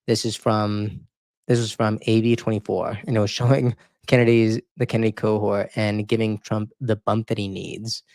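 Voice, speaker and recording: Excitable man, dry close sound. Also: on the low side, moderate pace, dry recording. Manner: excitable, stumbles and repeats words; emotional, near tears. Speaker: YouTube political commentator. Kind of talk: casual reaction commentary on his own videos.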